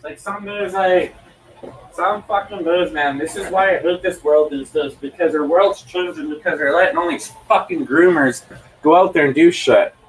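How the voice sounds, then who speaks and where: A man's voice: on the high side, moderate pace, recorded from a distance, slight background noise, poor audio. A young man ranting heatedly at home, swearing a lot and repeating himself as he livestreams. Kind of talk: angry profane rant.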